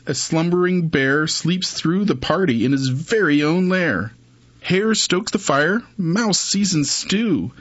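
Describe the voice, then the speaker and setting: A man reading children's stories and poems aloud in an expressive, sing-song way. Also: high-pitched, breathy edge, no room sound. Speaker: storyteller. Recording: dull muffled recording.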